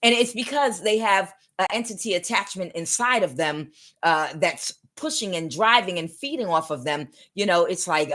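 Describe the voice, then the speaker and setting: A woman's voice: on the low side, animated, moderate pace, fairly bright tone. A woman giving a live tarot reading, talking in a rambling, repetitive way and speaking straight to her viewers. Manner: rambling and repetitive, many restarts; addresses viewers directly. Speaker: tarot reader.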